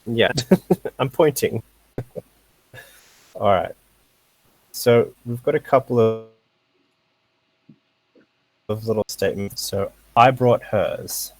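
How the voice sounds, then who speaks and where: Casual online tutor, male, low and unhurried, halting delivery with fillers and nervous laughs, on a voice call. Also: darkish tone, rough recording. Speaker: language teacher.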